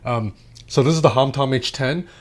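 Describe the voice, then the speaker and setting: A man's voice: mid-range voice, moderate pace. Laid-back man rambling through a gadget unboxing. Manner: rambling, loose, with many fillers and restarts. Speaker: gadget reviewer. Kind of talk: casual unboxing and hands-on review.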